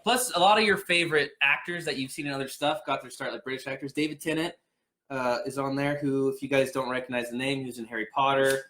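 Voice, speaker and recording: A man's voice: mid-range voice, steady tone, fast talker, sharp tone. Man, casual co-host, jokey rambling talk, echoey room. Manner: joking, rambling, quotes movie lines. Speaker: podcast co-host. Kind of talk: casual chat.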